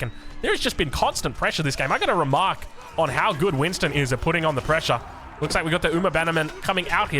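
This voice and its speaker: An Australian man giving energetic, jokey commentary on a strategy game match. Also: fairly high pitch. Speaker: game caster. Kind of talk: excited esports commentary.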